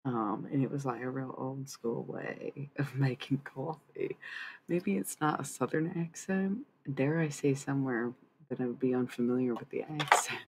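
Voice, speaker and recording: A woman's voice: extremely low pitch, moderate pace, slight background noise, low-quality recording. A woman livestreamer rambling casually with her viewers, cursing freely as she talks. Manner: rambling, profane, chatty.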